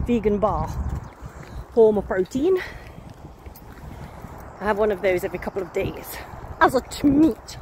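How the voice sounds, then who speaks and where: A woman's voice: on the high side, darkish tone, slight background noise. A woman in her fifties with a Nottingham accent, chatting casually and whimsically to camera while walking outdoors. She is a little sniffly and plays with made-up words. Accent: Nottingham English. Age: 50s. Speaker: vlogger. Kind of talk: casual rambling chat to camera. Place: outdoors on a country lane, walking.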